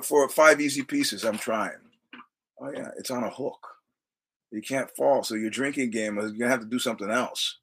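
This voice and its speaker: A man's voice: medium pitch, a bit bright, breathy edge. A man hosting his own podcast, talking in a rambling, digressive way, quoting film lines and laughing often. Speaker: podcast host. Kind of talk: rambling casual monologue.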